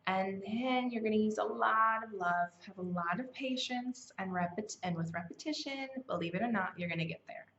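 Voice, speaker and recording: A woman's voice: medium pitch, normal speed, few pauses, a bit bright, a little hiss or hum. A woman hosting a self-help challenge, talking in a casual, conversational way with fillers and self-corrections. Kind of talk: casual motivational teaching. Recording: slightly dull, lo-fi sound.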